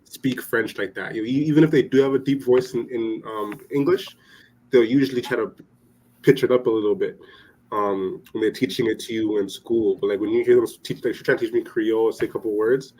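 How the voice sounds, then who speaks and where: A man's voice: on the low side, fairly even intonation, brisk, a little mellow, slight background noise, low-quality recording. Young man rambling in casual chat. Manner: rambling, lots of "like" and restarts.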